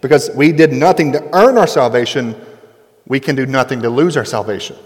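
A male pastor in his thirties delivering a sermon with emphatic, building intensity, drawing out key words for weight. His voice sits at an ordinary mid pitch. The sound carries a long reverb, like a large sanctuary. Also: a little fast.

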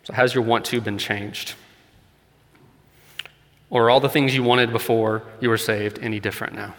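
A man's voice: medium pitch, fairly even intonation, moderate pace, fairly bright tone. A man preaching a sermon in an earnest, conversational way, building to emphatic points. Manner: earnest, conversational with light laughs, rising emphasis on key points. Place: church hall. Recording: long hall reverb.

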